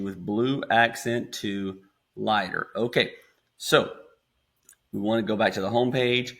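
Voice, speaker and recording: A man with an American accent casually talking students through a screen-recorded software tutorial step by step. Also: lowish voice, takes it slowly, gravelly. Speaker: instructor.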